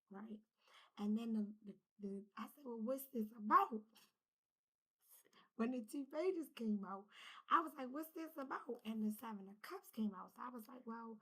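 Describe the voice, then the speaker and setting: Breathy woman rambling through a tarot reading. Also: mid-range voice, poor audio. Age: adult with a child. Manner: rambling, animated, drops to whispers. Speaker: tarot reader. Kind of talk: casual spiritual tarot talk.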